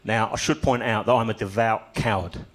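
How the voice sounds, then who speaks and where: A man's voice: on the low side, steady tone, moderate pace. An older man doing a stand-up comedy set on a club stage, telling stories with dry, self-mocking humor.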